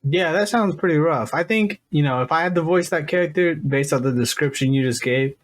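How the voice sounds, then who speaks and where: A man's voice: a little high, brisk. Male podcast host, casual and jokey, laughs easily.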